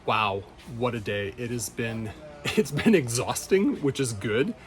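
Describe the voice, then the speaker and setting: A man chatting casually in his retro game store vlog, upbeat and quick to laugh. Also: medium pitch, very animated.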